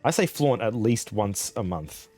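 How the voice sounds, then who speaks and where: A man's voice: lowish voice, lively intonation, a little slow, a little mellow, faint music behind. An Australian man chatting casually on a game stream, rambling, chuckling often and swearing offhandedly. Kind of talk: casual live-stream chat.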